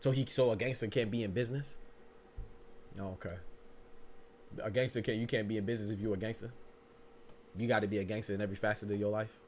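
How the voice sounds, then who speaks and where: A man hosting a casual live-stream podcast, talking fast and arguing hard in loose slang, repeating himself for emphasis. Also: on the low side, a little hiss or hum. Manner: animated, argumentative, repetitive, slangy. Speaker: podcast host.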